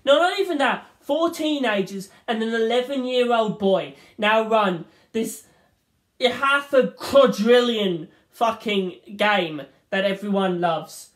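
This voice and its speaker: This film reviewer delivers a rambling, casual monologue, animated and swearing freely as she acts out scenes. Her voice is a little high and her pace is slow.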